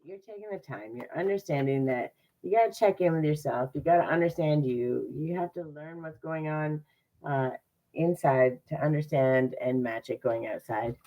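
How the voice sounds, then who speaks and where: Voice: mid-range voice, moderate pace, warm tone, low-quality recording. A spiritual card reader in a casual livestream reading. The speaker is chatty and upbeat and makes sarcastic, self-mocking asides.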